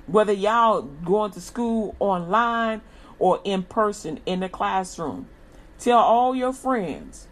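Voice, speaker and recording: A woman's voice: medium pitch, slow pace. A woman preaching an informal inspirational sermon, talking colloquially and repeating an upbeat slogan again and again. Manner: colloquial, repeats a slogan, acts out lively quoted greetings.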